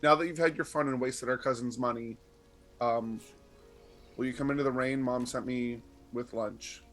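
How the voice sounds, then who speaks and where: An earnest, plain-spoken sibling who keeps pressing the point, as a man plays it. The voice sits in an ordinary middle pitch, with faint music and rain behind. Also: fairly even intonation, moderate pace, a bit bright, natural voice. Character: earnest, steady sibling sent by Mom. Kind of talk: live tabletop role-play.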